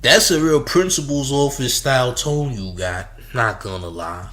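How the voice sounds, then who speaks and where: A man's voice: medium pitch, a little slow, a bit bright, faint music behind. Mocking slangy man reacting to clips. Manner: mocking, laughs often, slangy. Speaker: commentary host. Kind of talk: reaction commentary.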